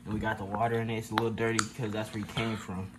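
A man's voice: on the low side, little pitch movement, rapid-fire. A man hosting a casual vlog, asking friends questions in a loose, joking way. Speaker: vlog host. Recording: loud background noise.

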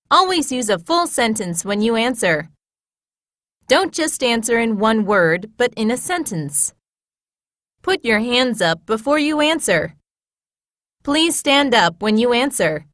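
A woman reading classroom English phrases in a clear, measured, teacher-like way, as scripted studio narration. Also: on the high side, fairly bright tone, no room sound.

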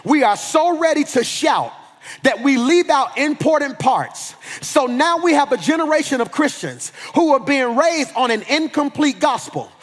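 A male pastor preaching a sermon in a big church hall, colloquial and often shouting, repeating words for emphasis. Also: very high-pitched, sing-song, moderate pace. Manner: preaching with call-and-response energy, often shouting. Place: large church hall with an audience.

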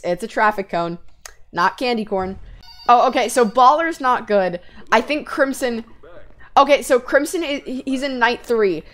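A woman hosting a let's-play video, talking excitedly and yelping when scared, into a close gaming mic. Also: fairly high pitch. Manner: excitable, jumps from scared yelps to quick chatter.

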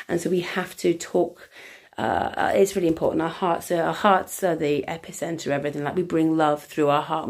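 A woman wellbeing coach talking live to her viewers in a slightly low voice. She moves from slow guided breathing into loose, rambling chat, restarting her sentences and filling gaps with ums. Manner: chatty, rambling, many restarts and fillers. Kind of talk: live session with breathing exercise and viewer questions.

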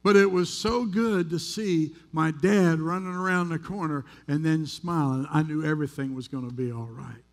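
Male pastor from the US, high-pitched, candid, conversational sermon delivery in a church. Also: normal speed, hardly any pauses. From United States. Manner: conversational storytelling, candid and self-deprecating. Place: church sanctuary.

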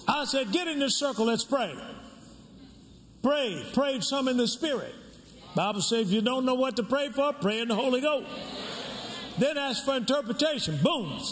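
An older man, a pastor, preaching a sermon with call and response and shouting out to the crowd. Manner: swings from shouts to low storytelling asides. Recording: reverberant hall, faint room noise.

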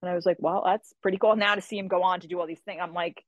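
A woman with a lowish voice recounts stories as a guest, animated and casual, slipping into other people's voices as she goes. The sound is dry and close, with no room around her. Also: very fast, no echo. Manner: animated storyteller who acts out quoted voices. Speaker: guest author. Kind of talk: casual interview storytelling.

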